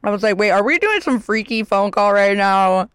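A young woman vlogger telling a story in casual chat, animated and slangy, swearing freely and acting out the people she quotes. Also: mid-range voice, moderate pace, clear, resonant tone, no room sound.

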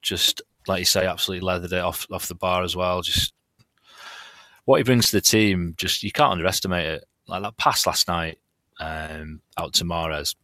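A man's voice: low voice, fairly even intonation, moderate pace, bright, forceful tone, dry recording. A man with a Mancunian accent, an enthusiastic fan gushing about a player in casual podcast chat.

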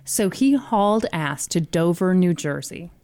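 A woman's voice: on the low side, animated, measured pace, a little mellow. A woman hosting a podcast, telling a story in a casual, jokey way with casual swearing.

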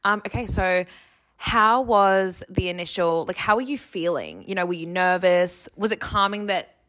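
A woman co-hosting a podcast, talking in a gossipy, animated way with quick asides. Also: on the low side. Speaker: podcast co-host. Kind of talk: casual chat.

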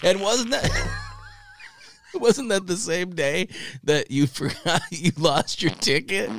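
A man's voice: sits high, takes it slowly, soft background music. A man co-hosting a live stream, chatting casually and laughing often. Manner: giggly, animated, laughs often. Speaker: co-host.

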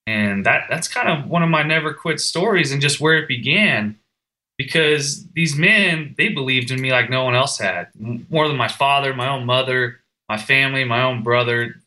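A man's voice: medium pitch, moderate pace, sharp tone, rough recording. A young man telling an earnest, emotional personal story as a firefighter guest in a podcast conversation.

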